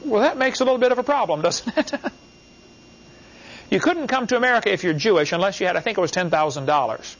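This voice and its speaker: A man's voice: high voice, expressive, fast talker, fairly bright tone. A man giving a classroom lecture, emphatic, talking in short repeated phrases and asking the class questions. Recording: dull, lo-fi class recording.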